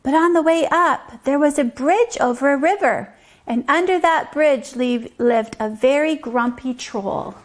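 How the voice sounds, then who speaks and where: Woman, preschool teacher, slow storytelling, fairly high voice, gentle. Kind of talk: reading a story aloud to toddlers.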